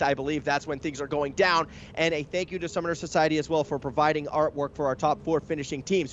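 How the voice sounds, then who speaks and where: A man's voice: on the high side, dull audio, a little hiss or hum. A young man giving live commentary on an esports match, chatty and analytical, speeding up when the action heats up. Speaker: esports caster.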